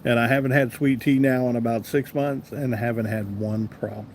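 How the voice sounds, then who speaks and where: Chatting easily on a casual live stream, this host from the American South answers viewers by name as he reads their comments. He has a Southern US accent and a mid-range voice, his intonation fairly even and his speed normal, over a slight hiss or hum.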